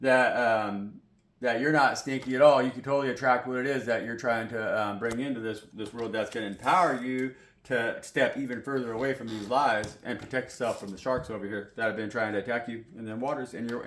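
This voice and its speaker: A man's voice: mid-range voice, steady tone, a little fast, a bit bright. Male tarot reader, casual and rambling, swears a lot, mid-range voice, echoey room with light background noise. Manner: rambling, profane, full of "you know" fillers. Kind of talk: casual tarot reading to camera.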